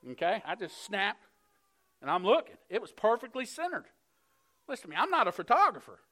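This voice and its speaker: A middle-aged man preaching a sermon, telling a personal story earnestly, moving between hushed moments and fired-up passages. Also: high voice, very animated, fairly quick.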